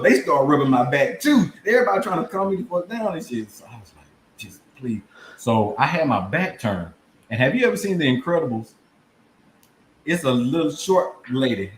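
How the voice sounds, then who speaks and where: Man, casual comedic storytelling, very lively pitch, echoey room. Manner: animated, acts out voices and laughs mid-story. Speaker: podcast guest storyteller. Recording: echoey room with faint background noise.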